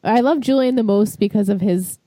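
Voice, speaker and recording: A woman's voice: medium pitch, mellow, no room sound. Gushing woman podcast co-host, dry close mic. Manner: chatty, gushing, quick to laugh. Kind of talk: casual chat.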